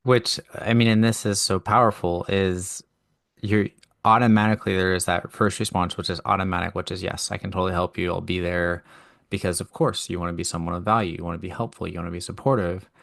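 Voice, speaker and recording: A man co-hosting a podcast, calmly explaining and reflecting with everyday examples in casual conversation. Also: deep voice, a little fast, creaky. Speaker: podcast co-host. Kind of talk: casual chat.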